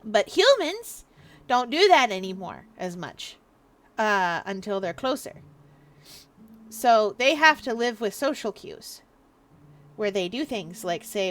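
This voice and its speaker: A woman livestreamer chatting casually and rambling through advice, acting out what people say in quick little voices. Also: medium pitch, very animated, fairly bright tone. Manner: rambling, gives advice, acts out quoted speech.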